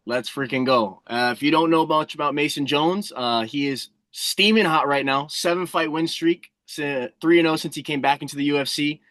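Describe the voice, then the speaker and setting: A man's voice: on the high side, moderate pace, few pauses, a bit bright, dry recording. A man hosting a casual interview, hyped and slangy, calling people bro and dude. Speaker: podcast host.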